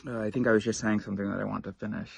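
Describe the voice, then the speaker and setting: A man vlogging, telling a story in a rambling, casual way with quick asides and restarts. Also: on the low side, steady tone, gravelly, breathy edge, dry recording.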